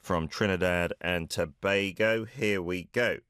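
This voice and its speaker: A man hosting a Korean language show, playing listener clips and gently correcting their pronunciation. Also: deep voice, clear, resonant tone, no echo, clean studio sound. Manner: encouraging, explains pronunciation slowly. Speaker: host of a Korean learning show. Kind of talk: friendly radio-style language lesson chat.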